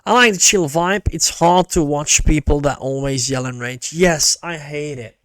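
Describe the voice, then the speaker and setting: A man's voice: a little high, normal speed, fairly bright tone, dry recording, clean studio sound. A male VTuber chatting casually with his stream, laid-back and rambling, with casual swearing.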